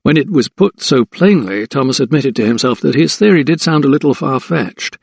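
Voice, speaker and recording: A man narrating an audiobook in a steady, even storytelling manner, close to the microphone. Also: mid-range voice, normal speed, vocal fry, husky, no echo. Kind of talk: scripted narration.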